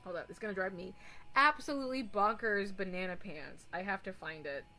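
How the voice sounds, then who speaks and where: A woman streamer chatting casually on a livestream, rambling and animated, swearing and giggling now and then. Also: mid-range voice, a little fast, soft background music, rough recording.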